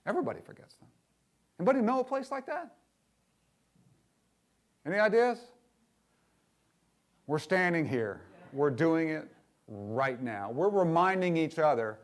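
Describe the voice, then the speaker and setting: A middle-aged man preaching in a loose, conversational way, with a voice pitched a little above the usual male range. He keeps asking the congregation questions and sinks to a near-hush when he speaks tenderly. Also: very animated, unhurried, pauses often. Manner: drops to a soft, hushed voice in tender passages. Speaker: minister. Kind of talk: sermon.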